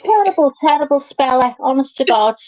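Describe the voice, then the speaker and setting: Woman, chatty livestream host, animated storyteller, fairly high voice, dry lo-fi sound. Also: fairly quick, no room sound. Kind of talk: casual chat. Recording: dull dry lo-fi stream audio.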